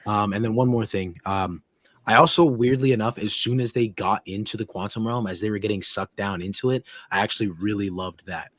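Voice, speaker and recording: A man's voice: fairly low pitch, fairly quick, a bit bright, dry recording. A young man hosting a podcast, chatting casually and enthusiastically with many restarts. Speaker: podcast host. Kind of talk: casual chat.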